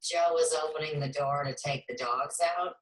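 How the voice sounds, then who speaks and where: A woman hosting a spiritual talk show, speaking in a slow, measured, reflective way. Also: sits low, fairly even intonation. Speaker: host. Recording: echoey room, far from mic.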